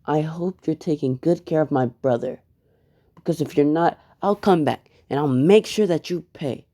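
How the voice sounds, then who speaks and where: Man doing a threatening big sister, slightly raised, mellow. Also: on the high side, moderate pace, voice pushed up, natural voice. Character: protective older sister, threatening.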